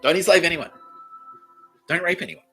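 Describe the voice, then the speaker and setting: A man's voice: on the high side, moderate pace, over music, low-quality recording. A man with an Australian accent hosting a comedy podcast, rambling through a crude, swearing, giggly monologue. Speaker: podcast host.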